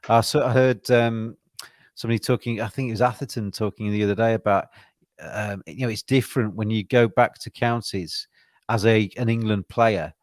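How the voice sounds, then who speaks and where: A man's voice: on the low side, fairly even intonation, normal speed, dry recording, studio quality. A man co-hosting a podcast, talking cricket in an earnest, rambling way with frequent restarts. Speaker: podcast co-host. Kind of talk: casual cricket chat.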